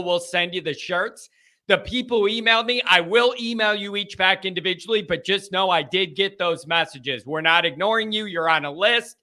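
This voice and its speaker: A man hosting a sports call-in stream, ranting with excitement and swinging between shouting and calming himself down. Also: high voice. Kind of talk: excited sports talk rant.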